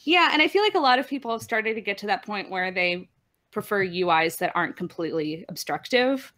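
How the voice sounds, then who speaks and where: A woman's voice: mid-range voice, animated, fairly quick, fairly bright tone. Chatty, laughing woman from Minnesota. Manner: chatty, laughs often, restarts. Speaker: podcast co-host. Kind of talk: casual chat.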